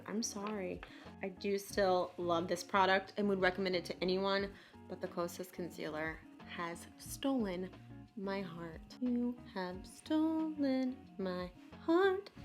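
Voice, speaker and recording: A woman's voice: mid-range voice, fairly bright tone. A woman in her late twenties chatting casually through a makeup tutorial, bubbly and full of self-deprecating asides. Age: late 20s. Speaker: beauty vlogger.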